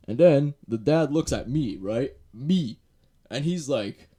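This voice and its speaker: A young man telling a casual story time in a loose, profane way, full of fillers, growing louder as the story heats up. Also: mid-range voice, lively intonation, unhurried, breathy edge. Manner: gets louder and more worked up as the story heats up. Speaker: vlogger.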